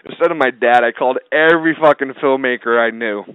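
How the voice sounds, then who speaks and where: A man's voice: medium pitch, fast talker, smooth, no room sound. A man telling a story as a guest in a casual interview, blunt and profane, rambling with lots of fillers. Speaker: guest film producer. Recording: tinny dry phone line.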